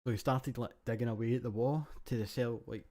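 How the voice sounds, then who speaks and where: A man with a Scottish accent, co-hosting a podcast and telling animated stories full of swearing. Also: medium pitch, fairly quick. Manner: animated storytelling, heavy swearing. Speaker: podcast co-host. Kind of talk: casual chat.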